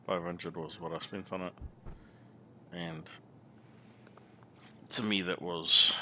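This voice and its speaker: A man commenting casually on a racing game, relaxed and chatty with sudden excited outbursts and the odd swear word. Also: low-pitched. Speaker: gaming channel host. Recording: loud game engine noise behind.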